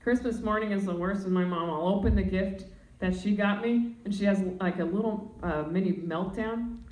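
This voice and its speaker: A young woman doing stand-up comedy, talking in a low, deadpan voice with deep tones. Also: moderate pace, roomy sound, distant mic, a little hiss or hum, poor audio. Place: comedy club stage.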